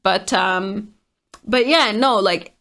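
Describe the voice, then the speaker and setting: A woman's voice: medium pitch, slow, a bit bright. A woman casually reading online comments aloud and reacting to them with frank exasperation.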